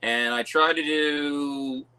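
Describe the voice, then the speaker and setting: Slow, hesitant man with bright clear voice. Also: a little high, fairly even intonation. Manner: hesitant, halting, many fillers. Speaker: podcast guest. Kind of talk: casual podcast chat.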